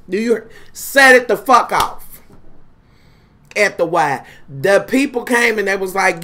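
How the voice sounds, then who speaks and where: A woman's voice: mid-range voice, moderate pace. A woman telling a personal story in a casual monologue. She swears constantly and calls her listeners honey and y'all. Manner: profane, animated, addresses listeners as honey and y'all.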